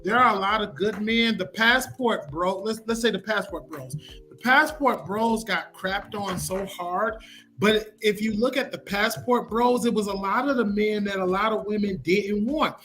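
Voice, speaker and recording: Bright, high-voiced, preachy man. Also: moderate pace. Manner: preachy and emphatic, repeats points for effect. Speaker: podcast co-host. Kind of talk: casual debate.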